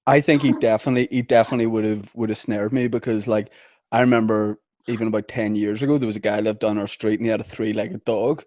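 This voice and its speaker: A man's voice: fairly low pitch, fairly even intonation, quick pace, a little mellow, no room sound, clean studio sound. A man hosting a podcast, asking joking, teasing questions in casual chat. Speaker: podcast host.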